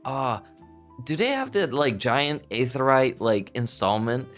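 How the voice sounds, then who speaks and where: A man's voice: medium pitch, very animated, measured pace, a bit bright, soft background music. Playful, giggly man streamer. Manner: playful, giggly, theatrical outbursts. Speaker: VTuber streamer. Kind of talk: casual livestream chat.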